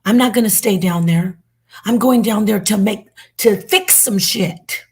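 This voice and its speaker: A woman's voice: medium pitch, unhurried, a little mellow, husky. A woman hosting a reaction channel, ranting angrily and cursing at her viewers. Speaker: channel host. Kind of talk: heated reaction commentary.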